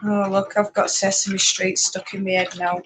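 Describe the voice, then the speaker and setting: A woman's voice: mid-range voice, flat delivery, normal speed, a bit bright, slight background noise, low-quality recording. A woman with a Yorkshire accent hosting a casual live stream, chatting and rambling while answering viewers, laughing often. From northern England. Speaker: spinning vlogger hosting a live chat.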